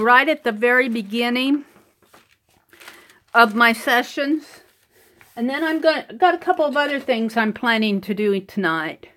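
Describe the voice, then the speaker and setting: Through a computer mic on a wireless connection, a woman with a high-pitched, pushed, bright voice hosts a live art stream. She chats casually while painting, laughs a lot, and calls out viewers by name.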